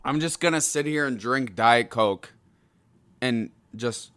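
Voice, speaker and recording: Slow, smooth-voiced man ranting angrily. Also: mid-range voice, dry recording. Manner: angry, exasperated ranting with sudden loud outbursts. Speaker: podcast host. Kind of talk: solo rant podcast.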